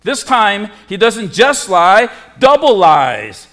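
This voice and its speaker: A pastor delivers a sermon in a high voice, taking his time over each phrase. His preaching is emphatic, climbing to forceful peaks on key words before dropping low and quiet. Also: sing-song, slow pace, few pauses. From lived in Korea.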